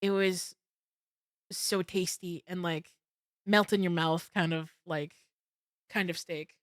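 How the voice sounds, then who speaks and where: A young woman streamer telling a story in casual chat, excitable and swearing freely. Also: fairly low pitch, slow, dry recording, studio quality.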